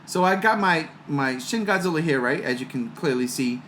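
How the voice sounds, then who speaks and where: A man hosting a casual fan chat, excitable and laughing as he talks. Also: fairly high pitch, normal speed, slight background noise. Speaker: podcast host.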